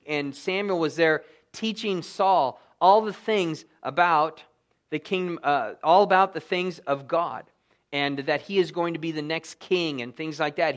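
A man preaching a sermon as pastor, telling the story with animated emphasis and sudden drops to a hushed voice. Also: on the high side.

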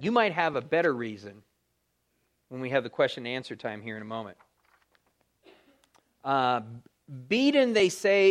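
A man, a pastor, teaching verse by verse through a Bible passage in a conversational way, thinking aloud with fillers and restarts. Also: mid-range voice.

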